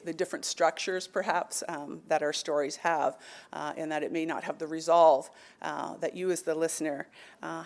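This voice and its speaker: A woman speaker on an education panel, telling a traditional story with animation, then talking thoughtfully with many fillers. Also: on the low side. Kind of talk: oral storytelling and panel talk.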